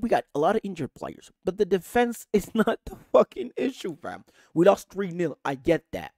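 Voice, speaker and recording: A man's voice: on the high side, darkish tone, no room sound. Sweary, ranting man. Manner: angry, sweary, emphatic ranting. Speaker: podcast host. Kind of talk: casual football rant.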